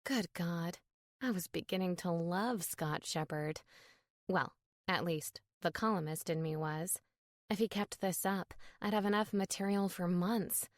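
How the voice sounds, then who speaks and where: A woman narrating a romantic comedy in first person, wry and brisk. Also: medium pitch, no echo, clean studio sound. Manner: wry, brisk, animated dialogue. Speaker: audiobook narrator.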